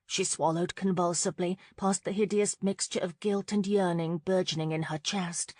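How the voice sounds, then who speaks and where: A woman narrating a romance audiobook in a measured, expressive reading on a close studio mic. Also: fairly low pitch, dry recording. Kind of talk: scripted narration.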